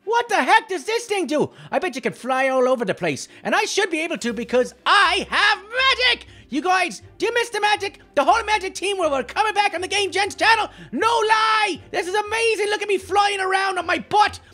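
A man voicing a clumsy, short-tempered male leprechaun with a put-on Irish accent, giving boastful, shouty commentary on a game. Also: very high voice, lively intonation, brisk, few pauses, full character voice. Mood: excitable. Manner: giddy, boastful, shouty taunting. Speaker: gameplay commentator.

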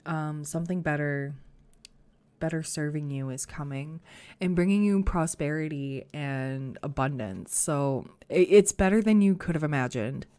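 Low, mellow-voiced woman reading tarot. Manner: chatty and reassuring, many fillers. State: voice a bit rough today. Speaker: tarot reader. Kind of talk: casual pick-a-card tarot reading.

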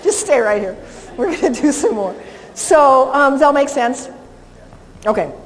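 An animated woman dog trainer talks a class through handling reactive dogs, her voice sitting slightly high. She is casual and chatty, and the sound carries a long hall reverb. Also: measured pace. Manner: chatty, animated, praises the dog in a soft coo. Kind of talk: live class instruction.

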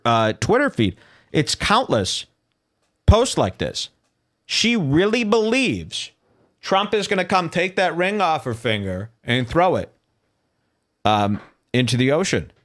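A man hosting a solo podcast, delivering incredulous, ranting commentary and reading social media posts aloud. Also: medium pitch. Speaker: podcast host.

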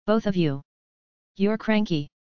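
A woman reading as a calm, dry young man. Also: medium pitch, unhurried, smooth, no room sound, dull audio, natural voice. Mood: curt.

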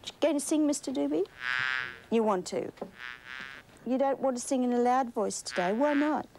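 A woman's voice: sits high, normal speed, warm tone, slight background noise, rough recording. An Australian woman hosting a children's TV show, coaxing and sing-song, full of tag questions for young viewers. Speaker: children's TV host.

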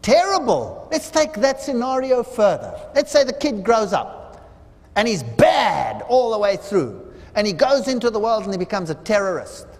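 A man's voice: high voice, big pitch swings, moderate pace, a little mellow. A man preaching a seminar sermon, telling parables with dramatic voices for the people in them. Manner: dramatic storytelling, acts out quoted voices. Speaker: seminar speaker. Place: large hall. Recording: reverberant hall.

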